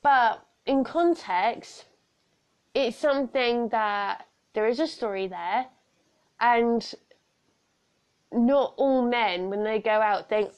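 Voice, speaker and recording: A woman's voice: a little high, takes it slowly, long pauses, darkish tone, clean tone. A young woman hosting a solo podcast from home, frank and earnest, chatting with many asides. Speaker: podcast host. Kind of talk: casual solo podcast talk on personal safety. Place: room at home.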